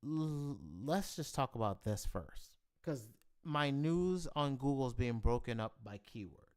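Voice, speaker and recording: A man hosting his own live stream in a heated, profane rant. His pitch swings widely as he punches out his points. He talks at an unhurried pace. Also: clear, resonant tone. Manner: animated, profane, heated rant with bursts of emphasis. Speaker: livestream host. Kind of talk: ranting live stream commentary.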